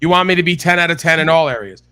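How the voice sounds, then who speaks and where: Brief: sarcastic man in heated panel, bright tense tone, slightly raised pitch. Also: very fast, smooth, no room sound. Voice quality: sarcastic, combative. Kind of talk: heated online panel chat.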